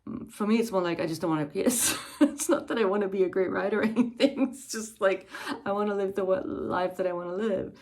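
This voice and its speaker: A woman's voice: medium pitch, fast, darkish tone. Female book vlogger, casual and musing, mid-range voice. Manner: thoughtful, digressive musing. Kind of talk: casual chat.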